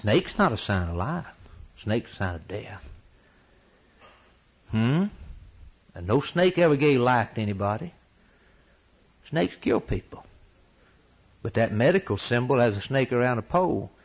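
A man preaching a sermon at a church service, impassioned, swinging from loud high peaks down to low, quiet lines. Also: big pitch swings, a little slow, creaky, pauses often, husky, poor audio.

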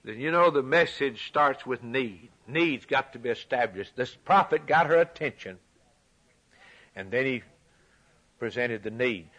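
A man preaching a sermon, emphatic and repetitive, rising loud for scripture and dropping quiet for key points. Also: medium pitch, expressive, unhurried. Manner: emphatic, repeats phrases, swings from loud to quiet; reads scripture aloud in a raised voice.

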